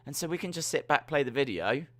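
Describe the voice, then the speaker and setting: A man co-hosting a wrestling podcast, chatting casually in a quick, joking, self-deprecating way. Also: mid-range voice, lively intonation, fairly bright tone, dry recording. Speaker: podcast co-host.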